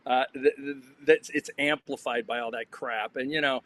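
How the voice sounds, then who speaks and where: A man's voice: mid-range voice, fairly even intonation, normal speed, fairly bright tone. A male sports journalist chatting on a panel, rambling with many restarts. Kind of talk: casual panel chat.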